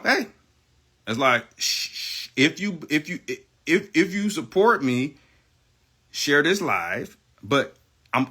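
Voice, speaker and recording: Man delivering a rambling, profane livestream rant; bright, tense delivery, insistent. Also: medium pitch. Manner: rambling, profane, repeats himself; emphatic, insistent.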